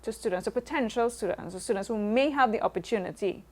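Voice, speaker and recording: A woman's voice: medium pitch, fast talker, darkish tone. A woman interviewing a guest, encouraging and affirming, asking long questions with many small agreements along the way. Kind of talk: conversational interview.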